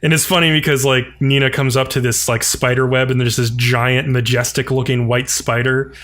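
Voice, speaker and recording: A man's voice: mid-range voice, moderate pace. A man co-hosting a podcast, casually recapping an episode and briefly acting out the characters' lines. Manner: animated retelling, frequent "like", acts out characters' lines. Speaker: podcast co-host.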